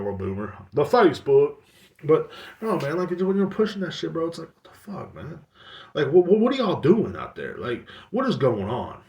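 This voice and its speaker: A man's voice: medium pitch, darkish tone, distant mic. A man hosting his own podcast, ranting in a blunt, crude way and swearing constantly. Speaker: podcast host. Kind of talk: profane casual rant. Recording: echoey room, mic set back.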